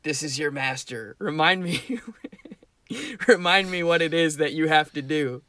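A man's voice: fairly high pitch, lively intonation, measured pace, pushed and bright, no room sound. A man voicing his sneaky rogue character, who disguises his voice and whispers as a villain's master. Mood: sly.

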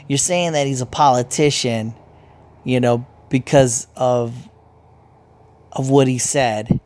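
A man's voice: medium pitch, steady tone, takes it slowly, pauses often, darkish tone. Blunt, profane man ranting casually. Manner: blunt and profane, rambling with repeated restarts. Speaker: commentator. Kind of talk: casual opinion rant.

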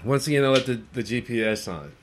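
A man co-hosting a podcast, telling a work story in a casual, animated way and acting out the dialogue. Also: medium pitch, fast, a little hiss or hum. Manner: animated, acts out dialogue, swears freely. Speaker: podcast co-host.

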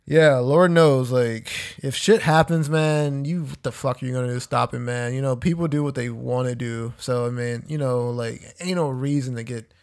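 Laid-back gravelly young man. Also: mid-range voice, steady tone, normal speed, few pauses, darkish tone. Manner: laid-back, profane, agreeable. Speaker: podcast co-host. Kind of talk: casual chat.

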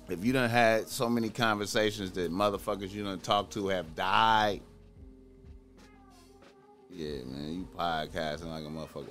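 A man giving profane, rambling casual commentary, repeating himself and breaking into high, incredulous outbursts. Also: a bit bright.

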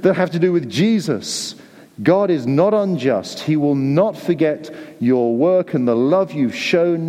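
A man's voice: fairly high pitch, mellow, big-room sound. A man preaching a sermon to a church congregation, earnest and pleading, often repeating words as he presses his point. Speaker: pastor.

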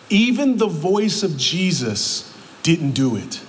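A man preaching a sermon as pastor, in a conversational, animated way that keeps breaking into acted-out quotes. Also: sits high, slow pace, slightly rough. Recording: long reverb of a large hall, faint noise.

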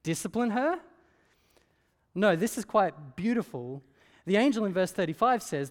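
A man's voice: high-pitched, animated, moderate pace, pauses often. Preacher man in a reverberant hall. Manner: conversational, full of rhetorical questions. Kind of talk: sermon. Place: church hall. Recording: long church-hall reverb.

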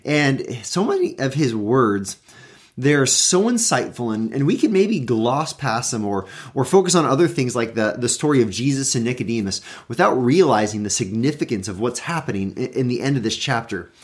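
Man, pastor, devotional teaching, lively rising and falling pitch, conversational, restarts and rephrases, mid-pitched. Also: moderate pace, husky. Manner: conversational, with frequent restarts and emphatic paraphrase.

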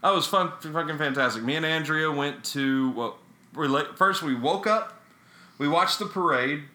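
Bright-voiced ranting American man. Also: on the high side, moderate pace. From United States. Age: 30s. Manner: animated, swears often, jokey rants. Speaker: podcast co-host. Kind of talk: casual chat. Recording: roomy echo.

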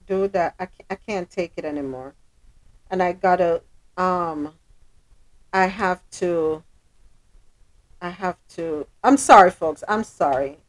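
Frustrated woman hosting a talk show. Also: on the low side. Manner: frustrated, apologetic, emphatic. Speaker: podcast host. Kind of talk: casual talk show commentary.

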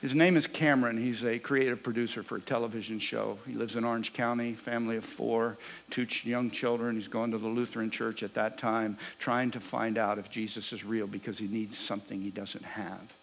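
A man preaching a sermon, telling a personal story with lively swings between loud bursts and hushed asides. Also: fairly low pitch, fairly quick, gravelly, rough recording.

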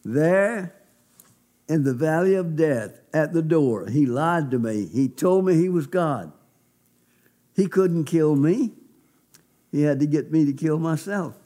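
A man's voice: fairly high pitch, lively intonation, slow, pauses often, mellow. A man preaching as a pastor, telling his own testimony in an emphatic, folksy storytelling way. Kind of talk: sermon testimony.

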